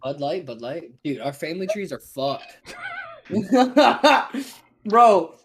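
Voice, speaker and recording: A man's voice: sits high, big pitch swings, slow, background noise. Man, from kentucky, podcast co-host, rambling, stumbling restarts, casual drunken chat.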